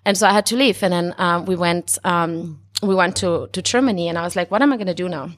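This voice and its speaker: A woman in her thirties, a podcast guest telling a personal story in casual chat, lively and laughing often as she quotes herself. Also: lowish voice, fast.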